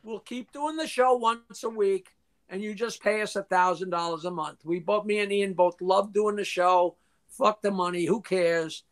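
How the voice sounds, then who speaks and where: An older man, a guest in a casual interview, tells long anecdotes full of restarts, swearing and acted-out quotes, clearing his throat now and then. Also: sits high, steady tone, moderate pace. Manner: profane, frequently clears throat.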